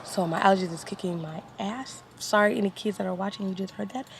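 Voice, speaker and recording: Chatty stuffy woman with vocal fry. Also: medium pitch, fast, a little hiss or hum. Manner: chatty, rambling, with many fillers. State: stuffy from allergies. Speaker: vlogger. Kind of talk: casual vlog chat.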